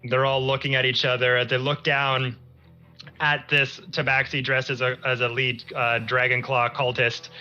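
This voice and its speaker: A man's voice: medium pitch, flat delivery, moderate pace, pushed and bright, muffled recording, soft background music. A man running a tabletop game as game master, narrating in a casual style with plenty of fillers.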